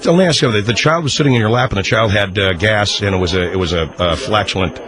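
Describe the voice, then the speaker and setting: A man's voice: lowish voice, fast. A male radio talk host questioning a caller, probing and skeptical, cutting in often. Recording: radio broadcast with crowd behind.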